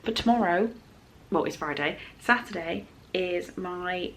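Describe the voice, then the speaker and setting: Woman rambling about books at home, bit low-pitched, some faint noise in the background. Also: a little slow. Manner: chatty, rambling, with fillers and self-corrections. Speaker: book vlogger. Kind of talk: casual vlog chat. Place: home, indoors.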